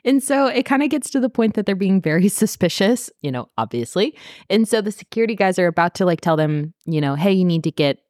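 A woman co-hosting a podcast, recapping a TV show in casual chat, animated, laughing and swearing as she acts out the characters. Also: medium pitch, brisk, no room sound, clean studio sound. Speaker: podcast co-host.

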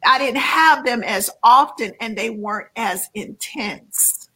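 A woman sharing a personal faith testimony as an interview guest, earnest and measured, often repeating words as she searches for them. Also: a little high, bright, forceful tone, slightly rough, rough recording.

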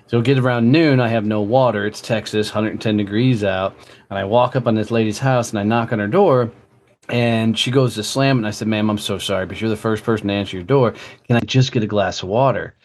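A man's voice: lowish voice, steady tone, brisk, darkish tone. A man guest telling a blunt, profane story in a casual interview. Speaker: guest, entrepreneur.

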